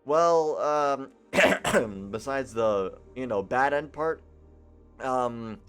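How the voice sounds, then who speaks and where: A man's voice: mid-range voice, lively intonation, very slow, a bit bright, smooth, faint music behind. A young man hosting a gaming channel, reading a visual novel aloud in a goofy, sarcastic manner.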